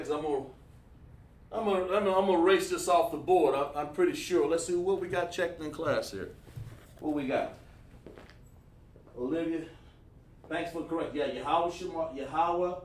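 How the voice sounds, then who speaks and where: Guy teaching a class at a board, kinda high voice, echoey room, mic off a ways. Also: recorded from a distance, a little hiss or hum. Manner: relaxed, repetitive, thinks aloud while writing on a board; greets and praises students by name from the chat. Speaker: class instructor. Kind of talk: livestreamed language lesson.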